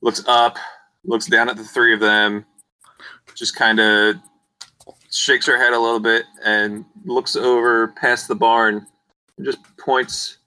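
A man narrating a tabletop game as game master in a relaxed, joking way. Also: mid-range voice, takes it slowly, clean tone, rough recording.

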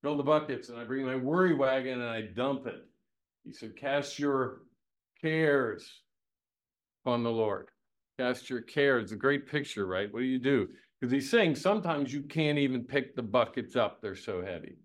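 A man leads a Bible teaching in a relaxed, conversational way. His voice sits in an ordinary middle pitch. He keeps it lively and folksy, tossing rhetorical questions to the room and leaning on homespun humor. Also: normal speed. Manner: lively, asks the audience many rhetorical questions.

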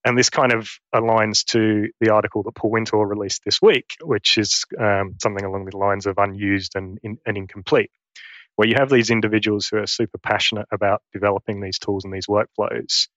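A man's voice: fairly low pitch, little pitch movement, a little fast, fairly bright tone, no room sound, highs cut off. A man in his forties from England, his Essex English accent turned Australian, telling his career story as a guest with earnest, restarting speech. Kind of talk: conversational interview.

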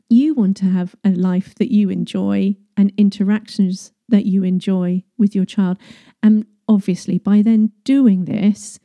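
Mellow-voiced woman giving parenting advice. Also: mid-range voice. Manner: chatty, laughs often, restarts phrases. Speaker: parenting coach. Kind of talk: casual advice talk.

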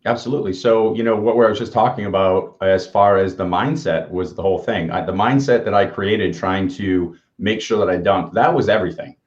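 A man in his fifties co-hosts a casual livestream chat, sharing upbeat motivational stories. His low voice moves a little fast with few pauses, and the lo-fi audio sounds echoey and dull.

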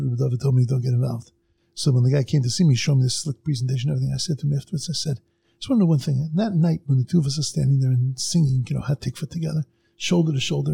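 A middle-aged man on a podcast telling a story in casual chat, acting out what other people said with sudden jumps in pitch. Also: dark tone. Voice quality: gravelly and husky. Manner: acts out quoted people with big jumps in pitch.

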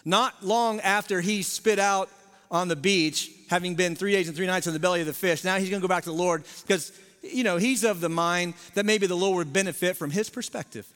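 High-voiced preacher in a reverberant sanctuary. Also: male voice, brisk, smooth. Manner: dynamic, swinging from loud emphasis to hushed near-whisper; conversational asides to the congregation. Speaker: lead pastor. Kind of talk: sermon. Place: large church sanctuary. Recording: long hall reverb in a large sanctuary.

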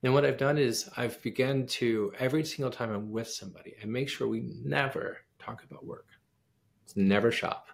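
At an easy, moderate pace, a gravelly-voiced American man with a mid-range pitch spins a lively tale during a relaxed interview. He's a pianist and composer on as a guest, and he performs the dialogue of the people in his story with plenty of animation.

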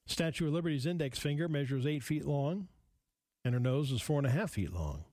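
A man's voice: a little high, a little fast, no echo, studio quality. A man hosting a casual radio show, reading out trivia and chatting with a co-host, laughing often. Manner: animated, laughs often, reads out trivia items.

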